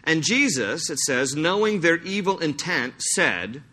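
Male pastor, sermon delivery, bright forceful tone, explains scripture with animated readings. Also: on the high side, measured pace, few pauses.

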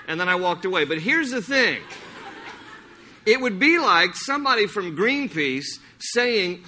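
Bright-voiced preacher telling animated stories. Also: male voice, sits high, a little slow, a little hiss or hum. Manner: animated storytelling with laughs and restarts. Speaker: pastor. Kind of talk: sermon.

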